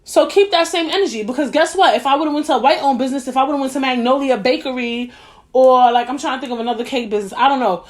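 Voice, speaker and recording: A young woman telling a story as a podcast host, blunt, profane and animated. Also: high voice, quick pace. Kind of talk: casual monologue.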